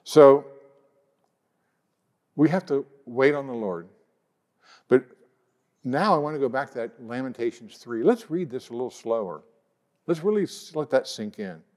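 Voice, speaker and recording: Male pastor, mid-range voice, earnest sermon delivery with gentle scripture readings. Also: mid-range voice, animated. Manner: earnest preaching, reads scripture slowly and softly.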